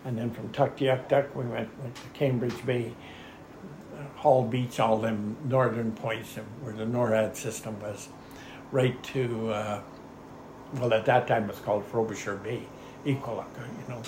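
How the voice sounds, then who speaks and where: Speaking unhurriedly with fairly even intonation, an older man with a mid-range voice wanders through a lengthy story for an oral history interview. "Anyhow" comes up again and again, along with little chuckles. The room echoes, and there's faint ambient noise.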